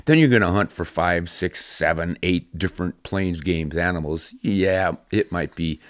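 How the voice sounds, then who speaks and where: An older man hosting a podcast in casual chat, self-deprecating and quick to laugh. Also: low-pitched, dry recording. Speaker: podcast host.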